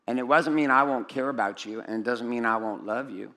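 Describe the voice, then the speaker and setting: A middle-aged man giving a blunt, profane motivational talk on stage to a room of men, swinging from loud outbursts to low, intimate asides. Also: brisk. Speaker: event speaker.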